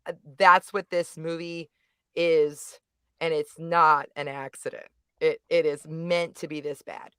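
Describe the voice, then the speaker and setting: A middle-aged woman giving a casual, animated review on a livestream, emphatic and rambling, correcting herself as she goes. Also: deep voice, a little slow, clean tone, no echo, clean studio sound. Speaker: guest reviewer.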